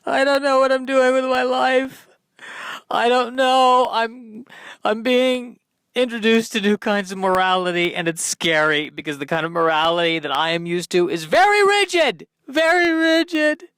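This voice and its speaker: A despairing bird that wails and moans about its meaningless life, as a man puts it on. The voice is pitched far above his own, loud and self-pitying, in high wailing bursts. Dry, close sound with no room. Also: normal speed, smooth, no echo.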